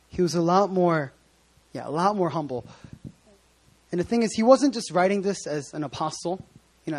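A man preaching a casual sermon, chatty and joking with many asides. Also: fairly high pitch. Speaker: pastor.

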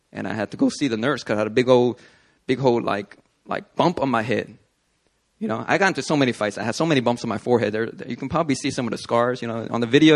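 A man giving a Christian sermon-style video talk, telling personal stories in an animated, conversational way. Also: medium pitch. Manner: animated storytelling, conversational with fillers. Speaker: Christian teacher.

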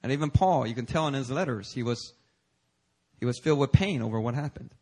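A Korean pastor preaches a sermon in a lively, conversational style, switching between loud, emphatic lines and quiet asides and occasionally laughing as he tells personal stories. His voice sits in the middle range, with a breathy edge and a fairly quick pace.

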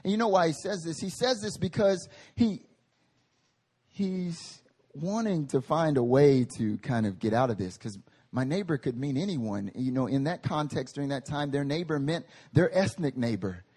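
Animated male preacher, slightly husky. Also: a little high, moderate pace. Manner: animated and conversational, with humorous tangents. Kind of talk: sermon. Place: meeting hall.

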